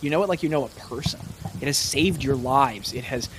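A man narrating as game master of a tabletop role-playing game, talking loosely with restarts and pauses. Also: medium pitch, background noise. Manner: loose, halting, with frequent restarts.

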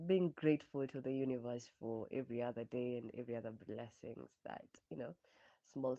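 A woman's voice: extremely low pitch, darkish tone, dry recording. Kenyan woman, podcast host, chatty slang-mixing delivery, dull dry lo-fi recording. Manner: chatty, mixing English and Swahili slang, laughing often. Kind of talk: casual podcast chat.

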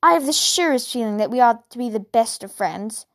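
A polite, eager young girl from a storybook, as a woman reads her lines, formal and earnest in her manners. The voice is fairly high and close to a plain reading voice. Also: expressive, a little fast.

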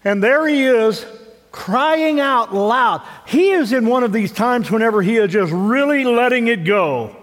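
Preaching in church, a pastor whose voice sits unusually high for a man speaks expressively at a moderate pace with barely any pauses. He keeps it conversational, poses rhetorical questions, and often stumbles and repeats himself, while long sanctuary reverb trails each line.

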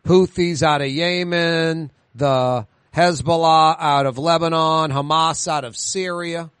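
A man hosts a radio talk show in a dry, close studio sound. His voice sits a little high, and he wanders through anecdotes in an easy, chatty way. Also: fairly even intonation, takes it slowly, fairly bright tone, clear, resonant tone, no echo. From New Orleans.

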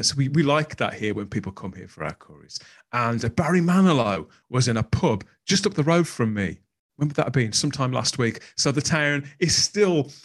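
A middle-aged man with a Birmingham accent, a guest on a podcast, chatting in an animated, jokey way. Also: medium pitch. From England. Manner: animated, jokey, laughs easily. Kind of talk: casual chat.

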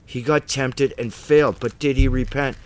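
A man's voice: mid-range voice, steady tone, moderate pace, a little hiss or hum. A man teaching the Bible in an informal, emphatic way, rambling with restarts and asides.

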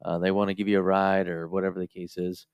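A man co-hosting a podcast, talking in a relaxed, conversational way. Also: sits low, fast, clear, resonant tone, no room sound, lo-fi sound. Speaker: podcast co-host. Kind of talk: casual chat.

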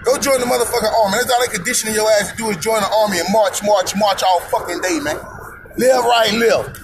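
Heated profane man with high voice. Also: steady tone, quick pace, noisy background. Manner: profane, heated, emphatic repetition; preachy, rhetorical questions. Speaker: podcast host. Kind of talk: personal opinion monologue.

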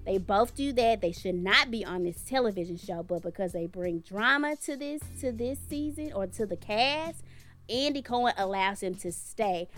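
A woman co-hosting a casual talk show, giving outspoken, opinionated commentary with blunt language. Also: mid-range voice. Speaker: podcast co-host.

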